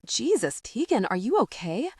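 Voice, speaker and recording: A woman voicing a protective young husband in an audiobook, talking gruffly and teasingly. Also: a little high, big pitch swings, normal speed, no room sound, clean studio sound, voice pushed up. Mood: concerned.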